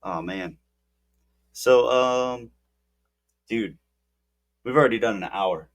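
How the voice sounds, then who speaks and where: A man's voice: mid-range voice, slow. A man co-hosting a podcast, telling a rambling story in casual chat with lots of "like" and restarts. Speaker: podcast co-host.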